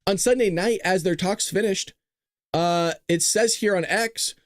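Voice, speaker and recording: A man's voice: sits high, unhurried, no room sound, studio quality. A middle-aged man hosting a political talk show, talking casually with sarcastic, jokey asides.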